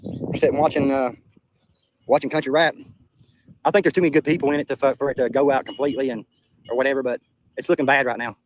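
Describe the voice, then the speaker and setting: A man's voice: mid-range voice, fairly even intonation, quick pace, long pauses, a little hiss or hum, rough recording. A young man with a Southern US accent who streams live and reacts to his chat in a blunt, profane, casual way, often repeating himself. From Southern United States. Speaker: livestreamer reading chat.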